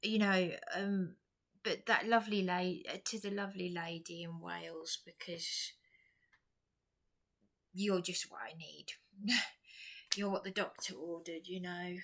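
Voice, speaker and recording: A woman's voice: fairly low pitch, steady tone, a little slow, long pauses, fairly bright tone. An exhausted woman vlogger talking in a rambling personal monologue, repeating herself, restarting and dropping to whispers.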